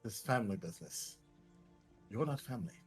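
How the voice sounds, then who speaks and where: A man voicing a guarded young man who coldly refuses to share family matters and quietly insists on getting back what is his. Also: on the low side, lively intonation, fairly quick, faint music behind, close to an everyday voice. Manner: curt, cold, quietly insistent.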